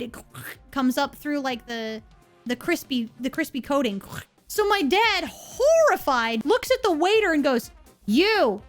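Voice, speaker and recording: High-voiced woman telling a story. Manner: animated, acts out quoted people in lower voices. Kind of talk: casual storytelling.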